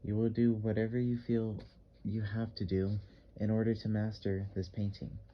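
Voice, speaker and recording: A blunt, strong-voiced artist with a vague Russian accent, as a male audiobook reader puts him on. He speaks in insistent, repeated commands, with a low-set voice. The recording sounds dull and slightly lo-fi. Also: flat delivery, normal speed, slight background noise, close to an everyday voice. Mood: commanding. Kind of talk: audiobook character reading.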